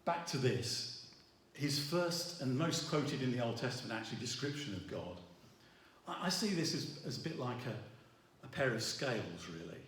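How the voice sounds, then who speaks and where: A man's voice: mid-range voice, animated, fairly bright tone, far from the mic, slight background noise. Man preaching in an echoey hall. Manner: halting, with many restarts and fillers. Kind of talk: sermon. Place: church hall. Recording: roomy echo, voice from afar.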